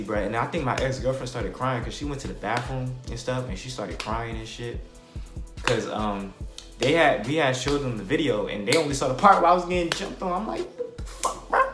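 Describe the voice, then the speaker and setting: With a mid-range voice at normal speed, a young man animatedly retells a personal experience for a storytime vlog. His casual slang comes with acted-out quotes and sound effects, and the echoey room has faint music playing.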